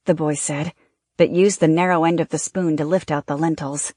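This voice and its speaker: An audiobook narrator reading a novel in a steady, measured way. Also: mid-range voice, no echo, clean studio sound.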